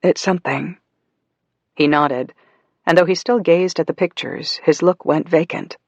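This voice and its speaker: Reading a novel aloud, this audiobook narrator keeps a measured, even storytelling tone. Her voice is low, with no room sound, though the recording is muffled.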